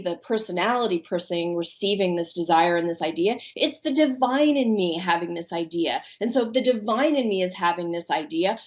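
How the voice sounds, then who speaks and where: A woman's voice: mid-range voice, highs cut off. A woman life coach and author, telling stories in a podcast interview and acting out the voices of the people she quotes. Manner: animated storyteller, acts out quoted voices.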